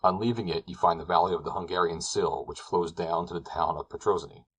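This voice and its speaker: A man narrating a classic novel as an audiobook, in a measured, descriptive storytelling manner. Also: deep voice, fairly even intonation, husky, rough recording.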